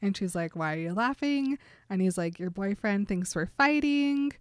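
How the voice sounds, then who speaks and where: A woman's voice: mid-range voice, lively intonation, moderate pace, clear, resonant tone, dry recording. A woman in casual conversation, retelling a story by acting out its dialogue and laughing often. Her voice sits in a middle range. The recording is dry and close. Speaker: podcast co-host recapping a book. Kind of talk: casual chat.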